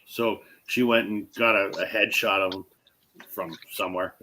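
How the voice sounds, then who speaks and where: A man hosting a casual chat, retelling a story in an animated way and acting out what people said. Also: on the low side, normal speed, a little hiss or hum. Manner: animated retelling, acts out quoted speech; fillers and restarts. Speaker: host.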